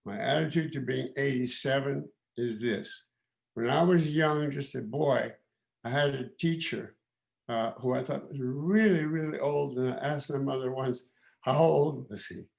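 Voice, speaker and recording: A man in his eighties, originally from Canada, giving informal remarks at a celebration in a halting, reflective way, with many pauses and restarts. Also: mid-range voice, gravelly. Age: 80s. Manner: reflective and candid. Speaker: guest of honour giving remarks.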